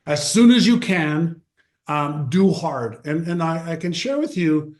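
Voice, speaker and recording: A man in his sixties, a guest on an interview show, telling a story in a lively conversational way and acting out the quotes. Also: fairly high pitch, measured pace. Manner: animated, acts out quotes. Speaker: guest, mindset author.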